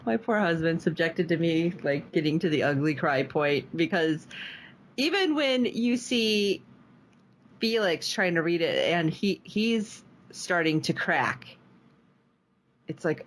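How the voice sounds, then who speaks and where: A woman with a low voice co-hosts a podcast and talks through a TV episode with animated, emotional energy. A faint noise sits under her voice. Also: takes it slowly. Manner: animated, emotional, laughing often. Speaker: podcast co-host. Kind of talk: casual episode recap chat.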